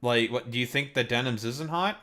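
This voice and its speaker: A man's voice: medium pitch, brisk, sharp tone. A man hosting a live stream, ranting heatedly and mockingly as he reacts to a clip, swearing constantly. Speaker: streamer host.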